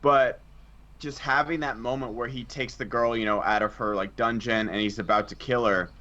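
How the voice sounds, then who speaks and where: A man's voice: steady tone, moderate pace, pushed and bright. Man chatting films over a dull mic. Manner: rambling, acts out characters' lines with big pitch jumps. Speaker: co-host. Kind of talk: casual movie review chat.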